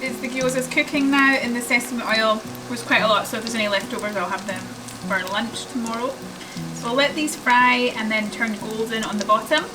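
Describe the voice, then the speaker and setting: A woman's voice: fairly high pitch, fairly even intonation, brisk, echoey room, noisy background. A young Scottish woman chatting casually while she cooks in a small narrowboat cabin, explaining each step as she goes. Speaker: vlogger. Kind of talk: casual vlog chat while cooking.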